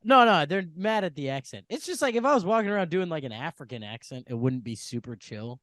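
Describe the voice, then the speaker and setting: Young man rambling with a lively voice. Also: a little high, quick pace, no room sound, clean studio sound. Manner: rambling storyteller, laughs often. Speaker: podcast co-host. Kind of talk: casual comedic chat.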